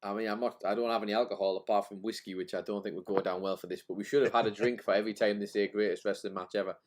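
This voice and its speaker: A man's voice: lowish voice, fairly even intonation, racing, slight background noise. A young man co-hosting a live stream, joking with dry, self-deprecating humour. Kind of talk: casual live stream chat.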